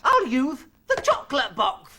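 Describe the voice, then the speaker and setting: A woman's voice: sits high, very animated, a little slow, sharp tone, a little hiss or hum, voice pushed up, heavily acted. A woman voicing a puppet who plays a spoiled, greedy little girl in a story, gushing and bratty. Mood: excited. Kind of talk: acted story in a children's show.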